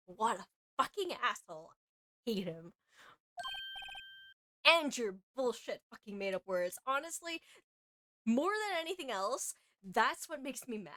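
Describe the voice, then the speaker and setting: A woman's voice: on the high side, sing-song, unhurried, long pauses, sharp tone, no room sound. A young adult woman streaming a game live, ranting profanely at a character.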